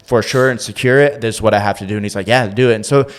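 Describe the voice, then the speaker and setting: Lively storytelling man from rural Tennessee. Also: fairly low pitch, rapid-fire. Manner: lively, acts out quoted voices, frequent laughter, restarts. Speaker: podcast guest, former pro fighter. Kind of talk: casual storytelling in an interview.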